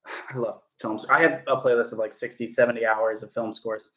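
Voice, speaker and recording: Speaking steadily at a normal speed, a young man whose mid-range voice is a bit bright livestreams from an echoey room in his home. He's an actor, cheerfully welcoming viewers by name and responding to their comments.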